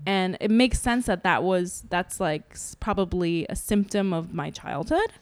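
A woman's voice: lowish voice, lively intonation, a little slow, clear, resonant tone, dry recording. A young woman in casual chat, candid and self-mocking, laughing often and using many fillers.

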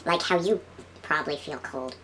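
A woman chatting casually in a studio, telling animated stories and trailing off into quiet mumbled asides. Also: sits low, moderate pace, a little hiss or hum. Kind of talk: casual chat.

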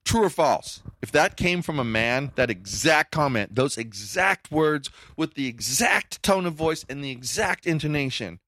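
A middle-aged man co-hosting a podcast in casual chat, blunt and emphatic, his pitch jumping when he presses a point. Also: animated, unhurried, hardly any pauses, fairly bright tone. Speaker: podcast co-host.

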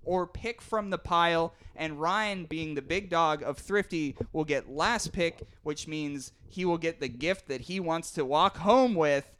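A man's voice: on the high side, unhurried, hardly any pauses, fairly bright tone, smooth. A man hosting a podcast, casually explaining the rules of a gift game to friends. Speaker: podcast host. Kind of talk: casual group chat.

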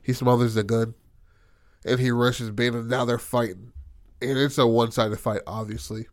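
A man's voice: medium pitch, normal speed, no room sound, studio quality. A man casually retelling a tabletop game session, swearing freely and acting out the characters' lines. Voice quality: profane, animated, acts out characters' lines. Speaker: storyteller recounting a tabletop game. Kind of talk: casual storytelling chat.

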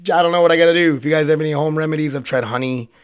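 A man hosting his own solo podcast, his voice hoarse and cracking, rambling in a loose, chatty way with plenty of swearing. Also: a little high, very fast. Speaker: podcast host. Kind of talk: casual solo podcast monologue.

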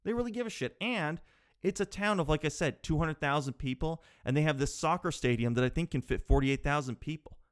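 A man talking in a rambling, animated way, asking himself rhetorical questions and swearing casually. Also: a little high, fairly quick, smooth. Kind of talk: casual chat.

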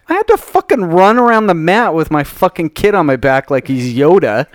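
A man co-hosting a podcast, telling stories in a lively, profane, joking way. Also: high voice, normal speed, dry recording, studio quality. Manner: animated, profane storyteller. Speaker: podcast co-host. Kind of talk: casual podcast banter.

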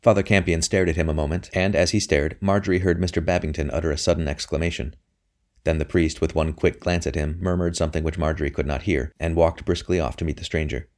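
Male narrator with a very low voice, steady and measured storybook reading. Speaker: audiobook narrator. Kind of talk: scripted narration.

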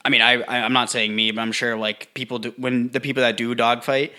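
Young male co-host, wry deadpan asides, bright forceful voice. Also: medium pitch, brisk, smooth. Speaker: podcast co-host. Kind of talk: casual banter.

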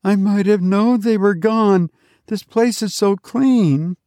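A man voicing a young boy who is searching for his missing parents and calls out in a high, pleading voice. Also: takes it slowly, warm tone, no echo, studio quality.

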